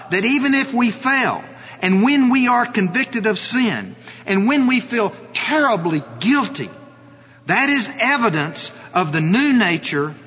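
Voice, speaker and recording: A male pastor preaching a sermon, slow and earnest, often asking his listeners rhetorical questions. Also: high voice, fairly bright tone, breathy edge. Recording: dull audio with long hall reverb.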